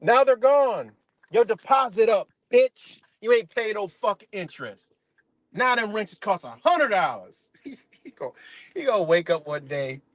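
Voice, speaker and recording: A man's voice: sits high, very animated, normal speed, dry recording. A man hosting a livestream, ranting in an aggressive, profane and mocking way. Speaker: livestream host.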